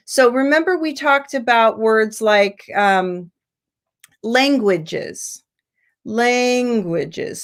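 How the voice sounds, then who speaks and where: An American woman teaches an English lesson over a video call. She talks in a patient, explanatory way, stops on fillers and restarts her phrases as she works through the examples. Her voice sits at an ordinary middle pitch for a woman. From United States. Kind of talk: online seminar lesson.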